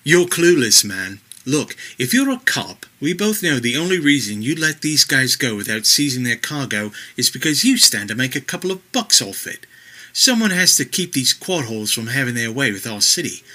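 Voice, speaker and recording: A man's voice: medium pitch, big pitch swings, normal speed, sharp tone, pitched above the performer's own voice. A man voicing a brash young male vigilante who talks tough in an audiobook story. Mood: cocky.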